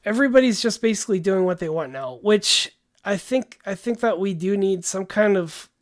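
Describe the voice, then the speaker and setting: This man's voice sits high and sounds animated, moving at a normal speed. He hosts a livestream, chatting loosely and rambling, with "dude" cropping up often.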